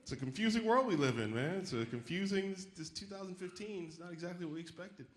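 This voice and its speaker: A man performing a stand-up comedy set on stage, animated and acting out the voices of the people in his stories. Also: high-pitched, fast talker, roomy sound, slight background noise. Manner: animated, acts out quoted voices. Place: theater stage before a live audience.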